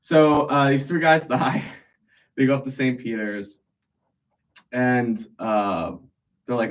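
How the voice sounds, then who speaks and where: A man's voice: medium pitch, steady tone, slow pace, pauses often, poor audio. Tired guy telling jokes on a stream, rambly, lots of uhs, mid voice. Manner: rambling, with many fillers and restarts. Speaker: livestream host. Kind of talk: casual joke telling.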